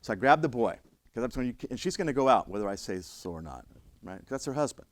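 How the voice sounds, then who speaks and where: A middle-aged man gives a classroom lecture with stories to emergency responders, speaking bluntly and conversationally and acting out the voices he quotes. His medium-pitched voice swings widely in pitch and moves at a quick pace, and the recording is dry.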